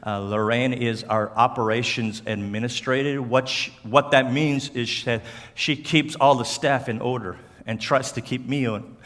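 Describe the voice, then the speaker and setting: A man from Cape Breton Island with a Cape Breton accent, speaking as a guest at church in a slow, halting way, with slurred words and restarts. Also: mid-range voice, fairly even intonation, a bit bright. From Cape Breton Island, Canada. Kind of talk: church talk to a congregation. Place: church hall. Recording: church hall reverb.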